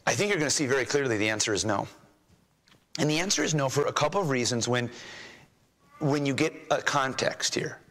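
A man's voice: mid-range voice, expressive, brisk, long pauses. Preacher man in a reverberant hall. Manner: emphatic, rising loud when reading scripture. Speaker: pastor. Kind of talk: sermon.

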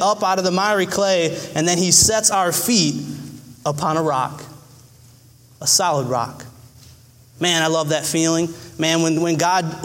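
Male preacher, high voice, folksy and earnest sermon, long hall reverb. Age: adult. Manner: folksy, earnest, acts out scenes.

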